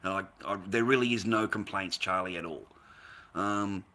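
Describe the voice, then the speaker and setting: A deep-voiced Australian man speaks at normal speed in a bright, forceful tone, angrily ranting to camera in a casual way. As a volunteer caught up in a workplace dispute, he tells a heated, foul-mouthed story of mistreatment, circling back over his grievances.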